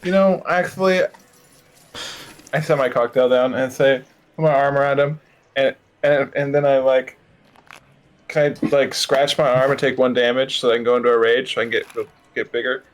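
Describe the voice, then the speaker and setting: A man's voice: medium pitch, fairly even intonation, normal speed. Man, easygoing player, hesitant. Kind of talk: casual tabletop play.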